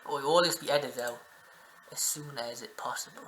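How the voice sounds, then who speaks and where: A man hosting a reaction video, swearing and excitedly talking back at the clip he is watching. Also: mid-range voice, normal speed, reverberant, slight background noise, rough recording. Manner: profane, excitable, talks back at the screen. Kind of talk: casual reaction commentary. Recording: music playing under the voice.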